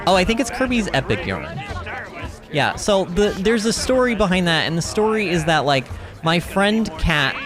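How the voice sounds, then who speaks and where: A man hosting a gaming livestream, chatting in a rambling, animated way, reading chat and laughing often. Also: on the high side. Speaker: livestream host. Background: game music.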